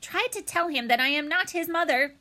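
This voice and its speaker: A woman's voice: very high-pitched, a little fast, sharp tone, pitched above the performer's own voice. A woman voicing a female robot who speaks with careful, formal politeness and a put-on friendly cheer in a storybook reading. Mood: politely cheerful.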